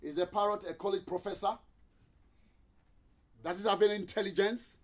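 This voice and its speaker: A man's voice: sits high, steady tone, normal speed. A man giving a motivational seminar talk, telling stories and asking the audience rhetorical questions. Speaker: motivational speaker.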